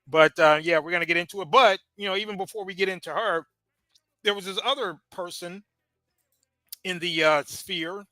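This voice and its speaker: Podcast host guy, bright slightly high voice, chatty w lots of ums and chuckles, dry close sound. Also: normal speed, pauses often, no echo. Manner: conversational, laughs often, many fillers. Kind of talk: casual commentary.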